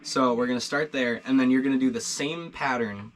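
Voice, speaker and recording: A man's voice: medium pitch, fairly quick. Laid-back, encouraging male guitar teacher. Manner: relaxed, encouraging, rambling with fillers. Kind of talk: casual video lesson.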